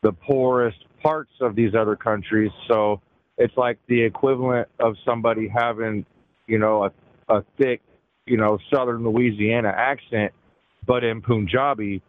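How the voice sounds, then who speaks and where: A man's voice: mid-range voice, fairly even intonation, moderate pace, dry recording. A man calling in to a talk show, venting in a rambling, profane, exasperated way. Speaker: caller. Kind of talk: call-in chat. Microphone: phone. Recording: tinny dry phone line.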